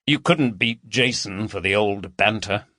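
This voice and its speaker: Man reading a crime audiobook, bright lively voice, dry close mic. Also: fairly low pitch, a little slow, no echo. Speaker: audiobook narrator. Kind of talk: scripted narration.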